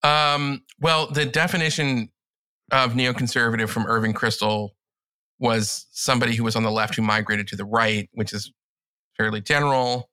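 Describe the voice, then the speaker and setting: A man's voice: medium pitch, fairly even intonation, normal speed, bright, forceful tone, clean tone, dry recording. A man, a podcast guest and columnist, talking in a chatty, enthusiastic way with many fillers. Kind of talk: casual podcast conversation.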